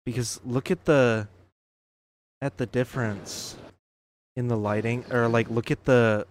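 A man hosting a podcast, reacting to news clips in an excitable, profane, casual way. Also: mid-range voice, a little slow, slight background noise. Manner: excitable, profane, laughs a lot. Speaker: podcast host.

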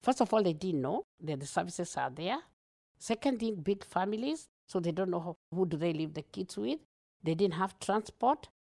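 A woman with a Kenyan accent tells her story as an interview guest, earnest and animated, laughing easily. Her voice sits a little low and carries a gravelly edge. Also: normal speed.

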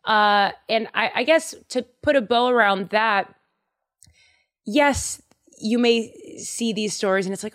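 Animated slangy woman retelling Bible stories. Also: on the high side, a little slow. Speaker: podcast host.

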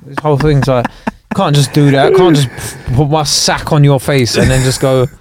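A man's voice: mid-range voice, moderate pace, a little hiss or hum. Joking young man. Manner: jokey, with London-style slang like bruv. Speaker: podcast co-host. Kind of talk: casual podcast banter.

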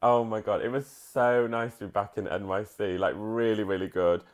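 A man's voice: fairly low pitch, steady tone, moderate pace. A man, a podcast co-host, telling a self-mocking story with frequent laughter in casual chat.

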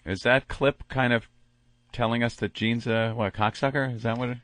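A man's voice: medium pitch, fairly even intonation, moderate pace, fairly bright tone, dry recording. A man co-hosting a radio talk show with sarcastic wisecracks.

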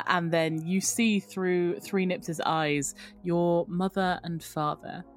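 Chatty woman running the game. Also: sits low. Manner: giggly, chatty, with many fillers. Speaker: game master. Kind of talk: narrating a tabletop game.

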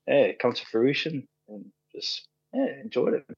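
A man's voice: mid-range voice, very animated, moderate pace, vocal fry, slightly rough, no room sound. An Australian man in his thirties, a podcast guest telling stories in casual chat, laid-back and full of fillers, swearing freely. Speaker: podcast guest, rugby league player. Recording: dull, dry sound.

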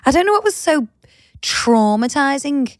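A woman's voice: high voice, big pitch swings, a little slow, no echo, studio quality. A woman co-hosting a casual podcast chat, chatty and teasing, laughing often. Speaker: podcast co-host.

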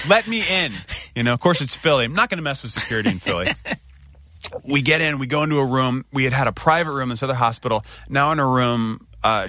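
A man's voice: mid-range voice, pushed and bright, no echo, studio quality. A man casually telling a story on a podcast, acting out his own anxious outbursts.

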